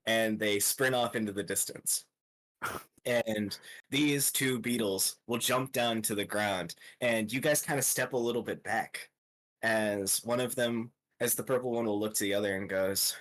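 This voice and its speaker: A young man narrating a tabletop game as game master, with many pauses and fillers. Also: fairly low pitch, fairly bright tone. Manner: hesitant, lots of ums, slow descriptive pacing.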